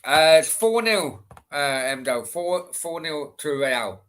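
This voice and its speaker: Animated, sweary football streamer man. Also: fairly high pitch, slow pace. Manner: blunt, swears at players, chatty with viewers. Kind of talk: live match commentary and chat with viewers.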